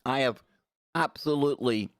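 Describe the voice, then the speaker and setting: A forties-aged man hosts a live stream with casual chat, rambling, joking, and reading out what viewers write. His mid-range voice keeps a moderate pace, and the studio-quality recording has no room sound.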